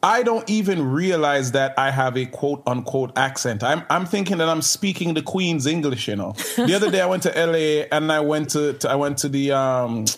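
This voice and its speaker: Jamaican-accented man in lively chat. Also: a little high, normal speed, few pauses. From Canada. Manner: animated, with many restarts. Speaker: podcast guest. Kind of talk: casual chat.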